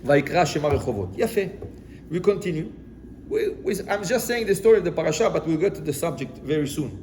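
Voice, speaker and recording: Animated fast-talking rabbi. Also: male voice, on the high side, slight background noise. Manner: animated storyteller, acting out quotes. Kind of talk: Torah lesson mixing Hebrew and English.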